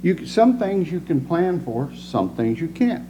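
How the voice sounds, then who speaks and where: A fairly high-voiced man, speaking a little slowly, preaches an animated, jokey, down-to-earth sermon in a church sanctuary. The sound is dull lo-fi, buried in loud noise.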